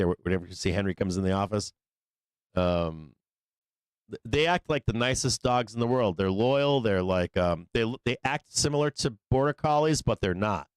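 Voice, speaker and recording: A man's voice: on the low side, dry recording. A man hosting a live trading show, telling a long story in a casual, profane, rambling way, laughing often between lines. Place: studio office.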